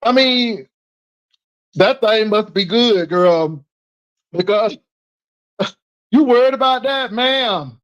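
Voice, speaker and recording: A man's voice: sits high, animated, slow, long pauses, fairly bright tone, dull audio. A man in casual live call-in chat, sassy and teasing, repeating his points with emphasis.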